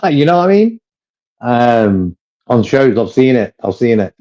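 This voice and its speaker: A man's voice: mid-range voice, very animated, normal speed, warm tone, muffled recording. A man co-hosting a fan livestream in casual chat, rambling, repeating himself and laughing often.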